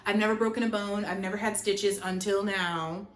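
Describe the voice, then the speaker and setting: A young woman telling a storytime vlog, animated and chatty, with lots of "like". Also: mid-range voice, normal speed. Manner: animated, chatty, heavy use of "like". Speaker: vlogger. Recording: roomy echo, faint music. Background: faint background music.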